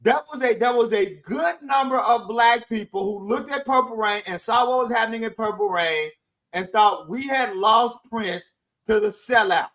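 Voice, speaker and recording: A middle-aged man co-hosting a podcast, making his case in an emphatic, animated way and repeating words as he builds each point. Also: high voice, moderate pace, poor audio. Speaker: podcast co-host. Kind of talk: casual discussion.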